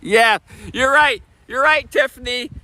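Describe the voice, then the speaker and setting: Very high, bright-voiced Michigan man. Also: poor audio. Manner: talks fast, chatty, laughs often. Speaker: streamer. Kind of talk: casual outdoor livestream chat. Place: outdoors on a bench by a bridge. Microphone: phone camera on a tripod.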